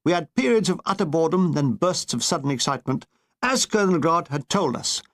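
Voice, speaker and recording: A man reading a comic war memoir aloud in a wry, deadpan way. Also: fairly high pitch, fairly quick. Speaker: narrator.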